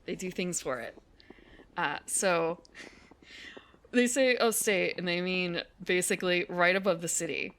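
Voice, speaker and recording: A woman's voice: lowish voice, measured pace, pauses often, a bit bright. A woman streamer chatting casually while out on a winter walk, rambling, correcting herself and laughing often. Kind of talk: casual chat while walking.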